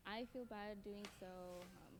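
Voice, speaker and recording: Earnest young mother over loud noise. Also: mid-range voice, fairly even intonation, takes it slowly. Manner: earnest, hesitant. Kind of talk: interview-style discussion.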